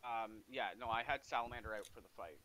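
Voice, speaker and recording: A man's voice: medium pitch, quick pace, crowd noise, poor audio. A man playing in a tabletop game, talking casually and hesitantly with many fillers. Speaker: player. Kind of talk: casual chat at a gaming table.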